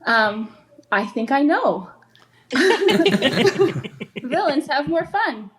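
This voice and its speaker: A woman's voice: high-pitched, sing-song, extremely slow. A woman guest chatting casually about voice acting, chatty and giggly. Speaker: podcast guest, voice actor. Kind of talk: casual chat.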